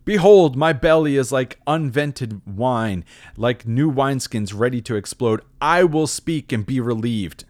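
A man voicing an arrogant young male blowhard who declaims loudly and pompously. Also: medium pitch, lively intonation, a little slow, dry recording, pitched above the performer's own voice, lightly acted.

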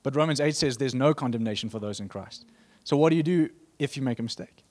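Male preacher, mid-pitched, casual rambling sermon delivery full of asides. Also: quick pace, darkish tone. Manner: conversational, rambling with restarts and asides.

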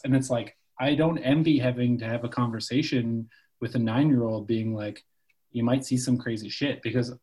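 A man's voice: mid-range voice, darkish tone, breathy edge, poor audio. A man from Canada chatting casually as a podcast guest, loose and profane, full of "like" and "sort of.". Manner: loose, swears freely, lots of "like" and "sort of".

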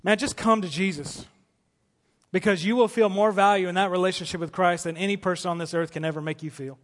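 Male pastor, high register, passionate sermon delivery with soft asides; long hall reverb. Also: fairly even intonation, brisk. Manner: impassioned preaching, rising to emphatic peaks and dropping to soft pleas. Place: church auditorium.

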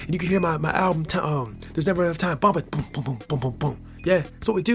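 A man's voice: fairly high pitch, fast, few pauses, faint music behind. Playful Michigan man rambling. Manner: playful, laughing, swings between loud hype and soft whispers. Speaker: podcast host. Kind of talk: casual monologue.

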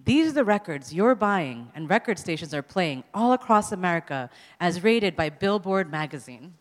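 A woman voicing a raspy-voiced male radio countdown host in announcer patter, in a reverberant hall. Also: lowish voice, very animated, normal speed. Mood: announcing. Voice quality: rasp.

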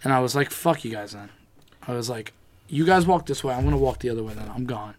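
A man's voice: medium pitch, fast. A young man telling a rambling, profane story in a casual chat among friends.

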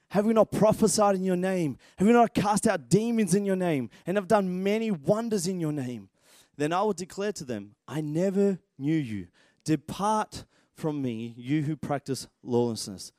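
A man in his thirties preaching a sermon as pastor, telling stories with animated energy and sudden shouts. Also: fairly high pitch, no room sound, studio quality. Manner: animated storytelling, shouts at dramatic moments.

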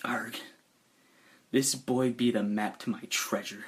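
A man voicing an unhinged old male pirate captain who talks in a low, hushed, menacing growl. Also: steady tone, slow pace. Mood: piratey growl.

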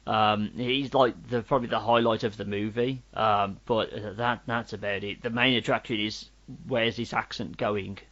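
A man's voice: lowish voice, fairly even intonation, normal speed, a bit bright. A man with a Black Country accent, co-hosting a podcast and giving a rambling, wry film review. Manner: rambling, wry, many restarts. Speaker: podcast co-host. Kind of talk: casual film review chat. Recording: dull lo-fi recording.

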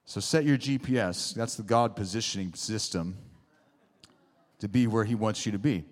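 A man's voice: on the low side, normal speed. A man preaching in a reverberant sanctuary. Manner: emphatic preaching with rising exclamations and call-and-response asides. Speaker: pastor. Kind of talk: sermon. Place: church sanctuary. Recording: long hall reverb.

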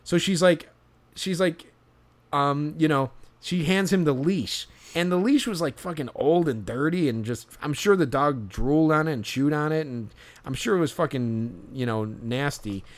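A young man hosting a podcast tells a story at normal speed in a slightly high voice. The chat is casual and rambling, with many fillers and restarts, and he laughs along.

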